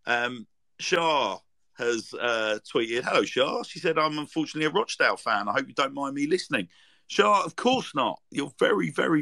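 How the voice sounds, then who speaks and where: A man hosting a football podcast in a loose, chatty way, stumbling over restarts and fillers as he reads listener messages aloud. His voice is bright and forward, pitched in a middle range. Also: low-quality recording. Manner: chatty, rambling, with many ums and restarts. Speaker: podcast host. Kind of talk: casual fan podcast chat, reading out tweets.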